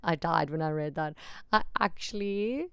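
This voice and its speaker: A woman's voice: fairly low pitch, expressive, normal speed, fairly bright tone, clear, resonant tone, no room sound, clean studio sound. A woman hosting a solo podcast, talking candidly and emphatically, often repeating herself and swearing freely. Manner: frank and self-deprecating, swears freely. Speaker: podcast host.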